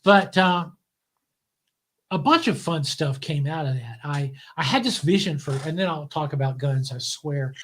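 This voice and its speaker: A man from the Southern US with a Southern accent, telling lively anecdotes as a guest in a live interview. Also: fairly high pitch, measured pace. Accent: Southern American. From Southern US, Memphis. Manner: lively anecdotal storyteller, acts out quotes. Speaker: guest, TV producer.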